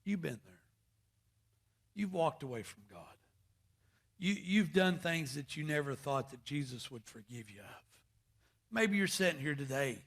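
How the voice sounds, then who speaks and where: A male preacher telling a story in a folksy, plainspoken way. His voice is bright and fairly high for a man, and he swings between loud, rising emphasis and quiet asides. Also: animated, a little slow, pauses often. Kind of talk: sermon. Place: church service.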